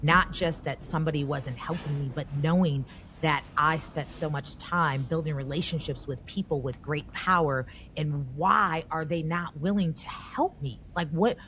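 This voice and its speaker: A woman's voice: deep voice, normal speed, a little hiss or hum. A woman hosting a podcast, talking candidly and with rising animation. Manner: animated, rising emotion as she tells the story. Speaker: podcast host. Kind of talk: candid conversational podcast talk.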